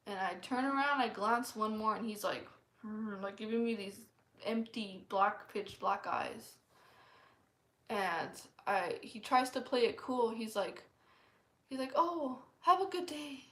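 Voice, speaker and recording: A woman's voice: mid-range voice, a little slow, fairly bright tone. Earnest woman, echoey room. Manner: earnest, rambling, lots of "like" fillers. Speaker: vlogger sharing a testimony. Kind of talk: casual spoken testimony.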